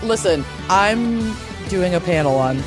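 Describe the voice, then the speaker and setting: A woman's voice: fairly low pitch, expressive, takes it slowly, music in the background. Chatty woman co-hosting a podcast. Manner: chatty, laughs often, trails off mid-sentence. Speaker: podcast co-host. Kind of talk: casual chat.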